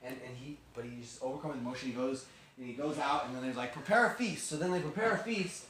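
A man retelling a Bible story in a casual, animated way, acting out the quotes. It is recorded in a very echoey room from far off. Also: mid-range voice, fast talker. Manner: animated, chatty, acts out quotes.

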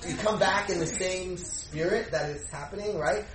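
Animated man leading a group talk. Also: sits high, moderate pace, few pauses, crowd noise. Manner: animated, asks rhetorical questions, acts out dialogue. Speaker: youth group leader. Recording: echoey room, faint background noise.

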